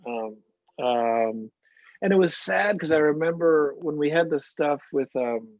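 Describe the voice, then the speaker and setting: A man, an actor guest, telling stories in a relaxed interview with lots of restarts. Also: fairly high pitch, unhurried, no echo. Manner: anecdotal, warm storytelling with frequent restarts. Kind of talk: casual interview chat. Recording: muffled, dry lo-fi audio.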